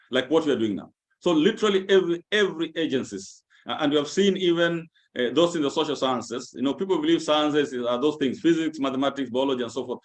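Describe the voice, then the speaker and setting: A man giving a virtual training presentation. He talks earnestly over a video call, explaining points and repeating words as he searches for them. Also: on the high side. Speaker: government agency presenter.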